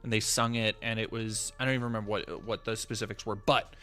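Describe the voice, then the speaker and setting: A man's voice: fairly low pitch, flat delivery, quick pace, fairly bright tone, clean tone, soft background music. A young man chatting on a live stream in a rambling, profane, jokey way, often restarting his sentences. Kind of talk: casual live-stream chat.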